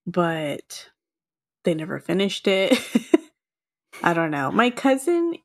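A woman's voice: fairly low pitch, big pitch swings. Chatty, giggly woman podcast co-host. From Texas. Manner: chatty, giggly, quick asides. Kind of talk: casual chat.

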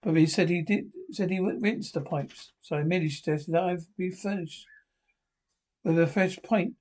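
A man's voice: high-pitched, normal speed, darkish tone. An actor with a Scottish accent playing a chatty older male pensioner who tells a story in a dry, wry way. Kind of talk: sitcom acting.

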